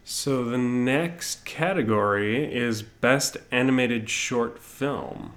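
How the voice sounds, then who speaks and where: A man in a casual awards chat, arguing his predictions in a measured way with frequent hedges. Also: medium pitch, a bit bright. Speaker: podcast co-host.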